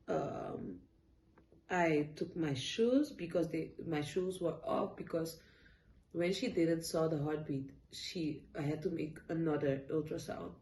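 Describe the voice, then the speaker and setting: A young woman tells a painful personal story in a vlog, halting and tearful, with many fillers and restarts. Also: deep voice, mellow, slight background noise, poor audio. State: tearful at times. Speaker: vlogger. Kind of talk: emotional personal story time.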